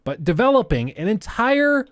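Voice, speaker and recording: A man's voice: high-pitched, big pitch swings, normal speed, no room sound, studio quality. A man hosting a livestream, giving blunt, ranting commentary in a casual way. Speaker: livestream host.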